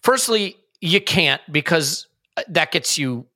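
A man with an American accent, co-hosting a casual football chat in a joking, self-mocking way with quick asides. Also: on the high side, animated, sharp tone, no room sound, studio quality. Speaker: podcast co-host.

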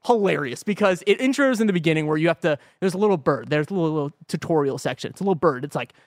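A young man co-hosting a casual games talk show, animated and laughing, swearing often as he reviews a game. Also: on the high side, rapid-fire, no echo, studio quality. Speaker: podcast co-host reviewing a game. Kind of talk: casual chat.

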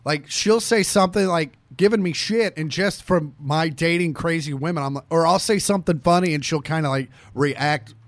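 A man co-hosting a podcast, chatting in a quick, joking way. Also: a little high, dry recording. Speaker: podcast co-host. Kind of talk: casual podcast chat.

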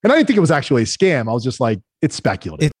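A man, a guest entrepreneur telling animated stories in a casual interview, acting out the voices of the people he quotes. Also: medium pitch, rapid-fire, breathy edge, no echo, clean studio sound. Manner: animated storyteller, acts out quoted voices, frequent "right?".

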